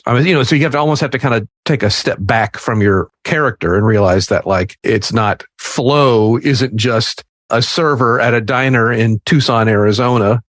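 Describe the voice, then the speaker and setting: A man's voice: mid-range voice, a bit bright, no echo, clean studio sound. A man, an improv teacher co-hosting a podcast, talking casually with playful asides and laughter.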